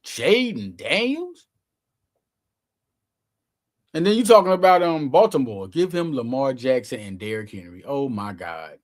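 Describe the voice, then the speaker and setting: A man's voice: mid-range voice, lively intonation, a little fast, hardly any pauses, darkish tone. A man hosting his own sports show, giving casual, slangy, emphatic commentary straight to his viewers.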